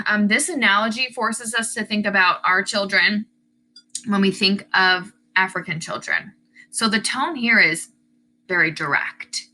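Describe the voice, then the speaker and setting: A woman's voice: medium pitch, bright, forceful tone, rough recording. A woman teacher explaining the tone and word choice of an essay, reading passages aloud and commenting on them. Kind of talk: lesson analyzing an essay's tone.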